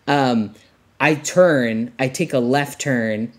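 A man's voice: medium pitch, slow pace. A young man, a podcast guest, telling a long story in a rambling way, full of fillers and laughs. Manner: rambling, lots of "like" fillers, laughs between lines. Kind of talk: casual storytelling.

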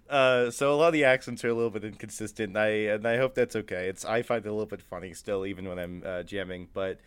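A man who runs a tabletop game, talking casually about his own shortcomings. His voice sits low and smooth, recorded dry and close. He laughs his way through many lines. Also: fast talker, hardly any pauses, fairly bright tone, dry recording. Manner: laughs through his words, self-deprecating. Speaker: game master. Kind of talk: casual chat.

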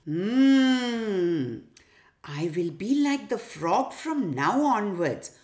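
A woman's voice: mid-range voice, big pitch swings, drawn-out words, darkish tone, roomy sound. A woman voicing an eager, curious young girl. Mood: earnest.

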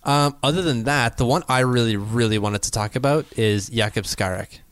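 A man's voice: mid-range voice, normal speed, a bit bright, no room sound. Chatty man, dry close sound. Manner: rambling, hedging, lots of fillers and restarts. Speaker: podcast co-host. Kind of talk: casual sports chat.

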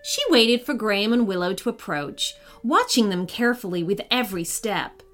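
A woman storyteller narrating a children's story in a gentle, expressive way. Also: medium pitch, normal speed. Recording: soft background music.

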